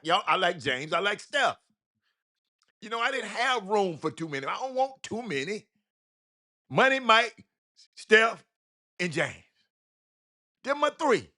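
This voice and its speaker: A man's voice: sits high, bright, forceful tone. A man with a drawl hosts a loose sports talk show. He rambles from topic to topic, stumbles over his own words and repeats phrases. He keeps calling out to his listeners as y'all. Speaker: host of a sports call-in show.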